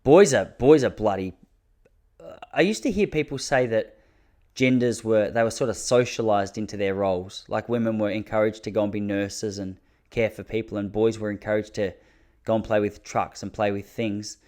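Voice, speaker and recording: An Australian man in his thirties, hosting a podcast and telling rambling, self-mocking comic stories with quick asides. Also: on the low side, a little mellow. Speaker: podcast host. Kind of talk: comic storytelling monologue.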